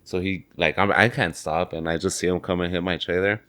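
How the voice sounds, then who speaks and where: A laid-back man with an El Paso Texan accent recounts a crash from behind the wheel of his semi. His voice sits a little low, and his relaxed talk is peppered with bro. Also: brisk. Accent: El Paso Texan English. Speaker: truck driver guest. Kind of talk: casual storytelling chat.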